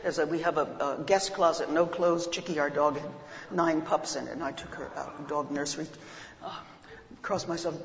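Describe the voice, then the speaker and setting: An older woman telling an animated, comic story to an audience. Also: sits low, moderate pace. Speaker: speaker. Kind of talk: humorous storytelling talk to an audience. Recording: muffled echoey hall recording.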